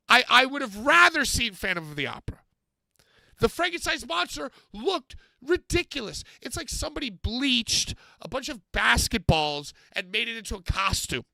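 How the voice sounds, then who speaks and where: Animated, gravelly, high-voiced man. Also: no room sound. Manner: animated, swearing, acts out moments. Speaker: podcast co-host. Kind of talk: casual comedic storytelling.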